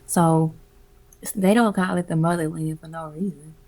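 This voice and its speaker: Deep-voiced woman with some vocal fry, candid music curator telling stories with slang and cussing. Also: normal speed. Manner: expressive, slangy, profane. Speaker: music event curator, guest. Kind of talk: casual storytelling interview.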